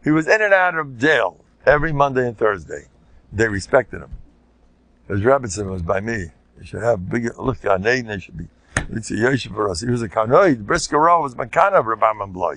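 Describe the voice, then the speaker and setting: An older man with an American Orthodox Jewish English accent, a rabbi telling stories in an informal Torah class and bursting into loud shouted quotes. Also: mid-range voice, no echo. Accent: American Orthodox Jewish English with Yiddish words. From United States.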